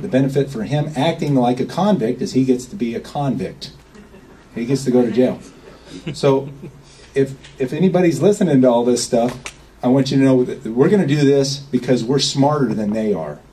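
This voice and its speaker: A man speaks to a small gathering in a loose, folksy way and keeps asking if everyone follows. His voice is dark and mellow. He sits well back from the microphone. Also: mid-range voice, far from the mic, low-quality recording. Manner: rambling, folksy, checks in with "okay?". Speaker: speaker at a meeting. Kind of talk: informal talk to a small group.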